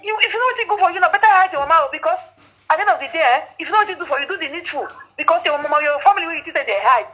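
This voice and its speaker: High, bright scolding Nigerian woman. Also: expressive, rapid-fire, muffled recording. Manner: scolding, preachy, repeats warnings. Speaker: social media commentator. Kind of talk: heated livestream rant.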